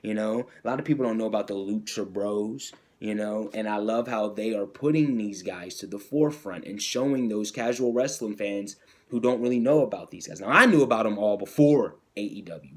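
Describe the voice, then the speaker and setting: A man hosting a podcast, chatting casually and enthusiastically through a wrestling recap, full of fillers and restarts. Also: moderate pace. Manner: acts out quotes in a higher voice. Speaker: podcast host.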